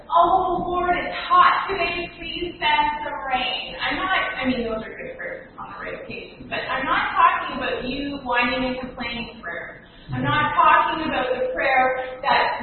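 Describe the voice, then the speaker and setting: A woman preaching a sermon in a conversational, animated way to a church congregation. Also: high voice, narrow, tinny audio, slight background noise. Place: church sanctuary. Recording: distant, echoey church hall audio.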